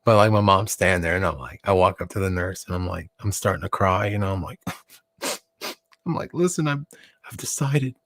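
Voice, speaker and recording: A man's voice: sits low, steady tone, a little fast, fairly bright tone, no room sound, studio quality. A man hosting a live broadcast, rambling and joking in casual banter, swearing freely and restarting his sentences. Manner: rambling, joking, profane, frequent fillers and restarts. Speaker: show host.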